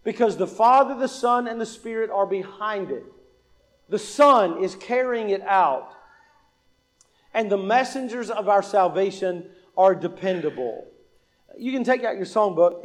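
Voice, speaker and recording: A man's voice: high-pitched, a little slow. A man preaching a sermon, asking the congregation questions and answering them himself, and repeating lines for emphasis. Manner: acts out quoted dialogue in an anecdote.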